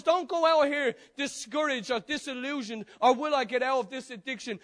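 High-voiced Irish preacher. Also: male voice, moderate pace, few pauses. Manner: impassioned storytelling, swinging between loud and hushed. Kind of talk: sermon.

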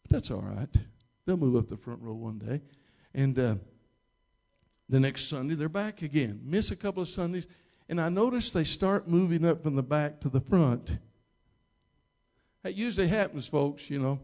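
A male pastor telling a story from the pulpit in a mid-range voice. He rambles, restarts his sentences and repeats little words. He pushes up in pitch and volume when he stresses a point. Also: normal speed, vocal fry, a little mellow. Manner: emphatic, rising in pitch and volume at key moments. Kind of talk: storytelling sermon.

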